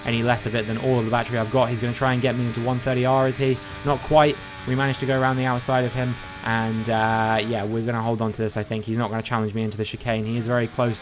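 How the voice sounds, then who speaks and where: Guy doing racing game recap commentary, mid pitch, gets worked up and loud at times, faint music under it. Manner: animated, frustrated outbursts between steady play-by-play. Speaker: gaming commentator.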